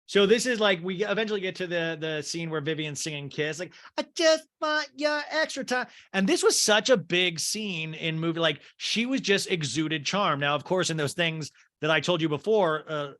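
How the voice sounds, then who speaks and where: A man's voice: on the high side, normal speed, hardly any pauses, a bit bright. A man from Kansas hosting a comedy podcast. He rambles through a movie recap and acts out the characters' lines as he goes. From Kansas, USA. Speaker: podcast host.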